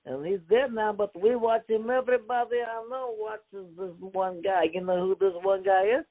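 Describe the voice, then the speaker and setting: A man's voice: high-pitched, moderate pace, natural voice. A man calling in as a brash, foul-mouthed Ukrainian émigré, speaking blunt, broken English in a put-on Ukrainian accent. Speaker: caller. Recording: tinny phone line.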